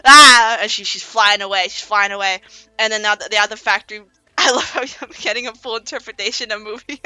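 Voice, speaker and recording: Speaking into a desk streaming mic, a woman rambles through a casual story, restarting repeatedly and voicing each character's lines. Her medium-pitched voice is quick, sharp, and fairly even in intonation. The recording is dry, with faint pop music in the background.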